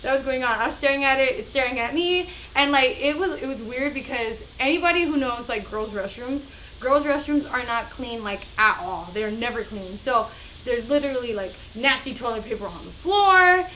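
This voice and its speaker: Bright high-voiced young woman vlogger. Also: normal speed, slight background noise. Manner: chatty, animated, acts out other people's voices. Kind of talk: casual storytime.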